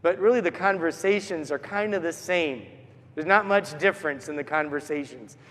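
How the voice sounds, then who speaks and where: A man's voice: a little high, moderate pace, fairly bright tone. A man preaching a sermon as a priest, telling stories and acting out the voices he quotes. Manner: storytelling, acts out the voices he quotes. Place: large church. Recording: long church reverb.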